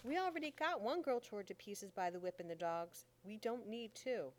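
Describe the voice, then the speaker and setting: A woman's voice: medium pitch, expressive, normal speed, natural voice. A woman reading as a fierce, scolding big older woman. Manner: sharp, scolding, commanding. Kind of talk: audiobook character reading.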